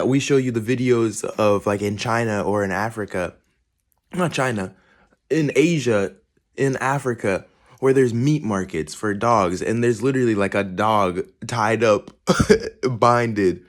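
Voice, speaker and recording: A man's voice: on the low side, measured pace. A young man rambling in a casual monologue to camera at home, swearing freely and restarting his sentences. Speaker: vlogger.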